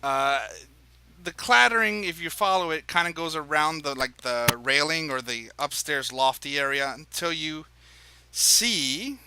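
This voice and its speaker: A man's voice: a little high, a little slow, pushed and bright, a little hiss or hum, poor audio. A man narrating as dungeon master in a tabletop game, describing scenes in a rambling, hesitant way with many fillers.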